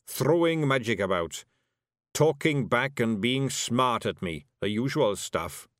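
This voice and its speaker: A man performs a pompous male dwarf who runs a magic shop, raised and blustering in a storybook reading. His voice sits higher and louder than the reader's own, sharp with indignation. The sound is close and dry. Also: expressive, takes it slowly, no echo. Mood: indignant.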